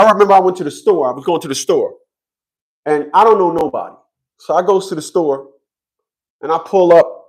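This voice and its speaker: This man's voice runs on the high side and sounds a little mellow. Commenting online about child support, he rants bluntly and profanely at his audience, tripping over words and restarting often.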